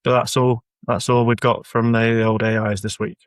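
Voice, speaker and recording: A man in relaxed podcast chat, hesitant and apologetic, often restarting his sentences. His voice is a middling pitch and recorded dry and close. He feels his way through each thought rather than speaking in polished lines. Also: normal speed, dry recording. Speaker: comedy podcast co-host. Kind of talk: casual chat.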